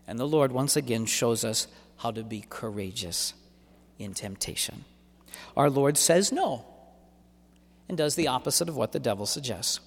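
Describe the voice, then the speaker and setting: A man giving a sermon as a preacher, speaking in an animated, emphatic way and driving his points home by repeating them. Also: mid-range voice, moderate pace, creaky, big-room sound.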